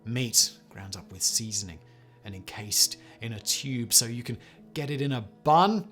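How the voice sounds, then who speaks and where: A man's voice: medium pitch, expressive, a little slow, fairly bright tone, faint music behind. Wry man narrating a list video. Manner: wry, dry asides. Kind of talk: scripted narration with a read sponsor ad.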